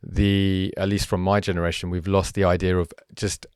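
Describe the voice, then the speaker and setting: A man's voice: low voice, level tone, moderate pace, darkish tone, smooth, no echo, clean studio sound. A young man with a Birmingham accent hosting a podcast interview, talking thoughtfully with lots of fillers and restarts. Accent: Birmingham English. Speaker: podcast host. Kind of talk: casual interview chat.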